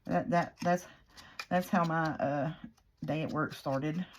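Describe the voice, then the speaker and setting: A woman's voice: low-pitched, steady tone, slow, slight background noise. A middle-aged woman telling a long, rambling story in casual chat while crafting, with lots of fillers. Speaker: craft vlogger.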